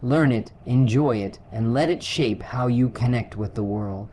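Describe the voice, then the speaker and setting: Slow, mellow British male teacher. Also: mid-range voice, a little hiss or hum, low-quality recording. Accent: British English. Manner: slow, measured and instructive. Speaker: English teacher. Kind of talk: scripted lesson narration.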